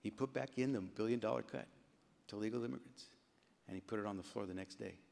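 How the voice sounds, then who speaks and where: A middle-aged man gives a lively storytelling speech at a gala, jumping up and down in pitch as he acts out what others said. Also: fast talker, gravelly. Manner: animated storyteller, voice jumping up and down when quoting others. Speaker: congressman giving an award speech. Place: large banquet hall. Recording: long hall reverb.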